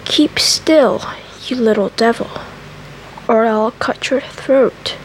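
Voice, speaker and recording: Woman putting on a gruff threatening convict. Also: fairly high pitch, slow pace, a little hiss or hum, poor audio. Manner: attempts a rough regional accent. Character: fierce threatening male convict, rough, gruff.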